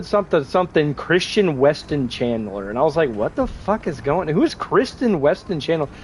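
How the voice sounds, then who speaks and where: A man's voice: on the high side, slight background noise, poor audio. A young man in casual chat while streaming a game, rambling, crude and laughing often. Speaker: gaming streamer.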